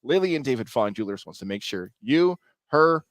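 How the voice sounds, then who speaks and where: A man's voice: very animated, fairly quick, dry recording. A man co-hosting a live radio show from a car dealership, reading sponsor spots with upbeat energy. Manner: upbeat, salesy pitch delivery. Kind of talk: casual talk and live ad reads.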